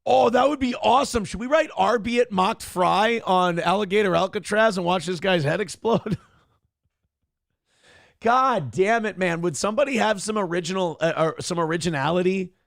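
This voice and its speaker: A man's voice: high voice, brisk, gravelly, few pauses, no echo, clean studio sound. A man hosting a morning show, mocking a clip in a sarcastic, profane rant. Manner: sarcastic, ranting, swears freely. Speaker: show host reacting to clips.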